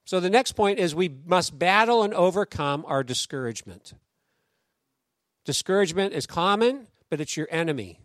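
A man preaching a sermon in a conversational, animated storytelling way, acting out quoted voices. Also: high voice, moderate pace, dry recording, clean studio sound. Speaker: pastor.

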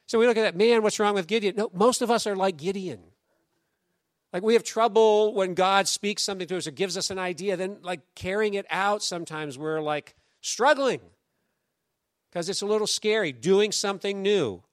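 A man preaching a sermon in a conversational, animated storytelling way, acting out quoted voices. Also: sits high, no room sound, studio quality. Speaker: pastor.

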